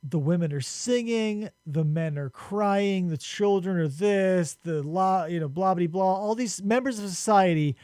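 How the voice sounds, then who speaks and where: A man doing a grieving hero king, low and subdued. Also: a little slow, few pauses, a little mellow, no room sound, clean studio sound. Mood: consoling. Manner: low, subdued, casual bro slang. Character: grieving hero king consoling his friend.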